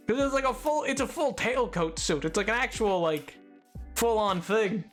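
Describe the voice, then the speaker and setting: A streamer in casual gaming livestream chat, playful and excitable, joking and reading out chat messages. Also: mid-range voice, moderate pace, soft background music.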